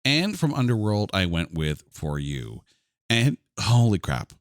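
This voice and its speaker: A man hosting a podcast in casual chat, enthusiastic and animated, with mild swearing. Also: sits low, a little slow, dry recording, studio quality. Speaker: podcast host.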